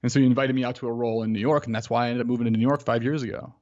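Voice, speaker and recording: A man in his thirties, a podcast guest telling a personal story in a casual, animated way, full of "like" and acted-out quotes. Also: medium pitch, very fast, dull audio.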